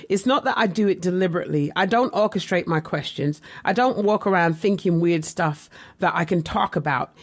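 A woman telling her own life story in a candid, reflective, conversational way, as an author looking back on her childhood. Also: on the low side. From West Indian family. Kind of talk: personal memoir storytelling.

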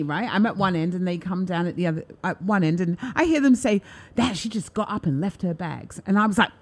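A woman hosting a talk show, chatting casually and telling an animated story, acting out what people said. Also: mid-range voice. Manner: animated, acts out quotes in lively voices. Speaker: host.

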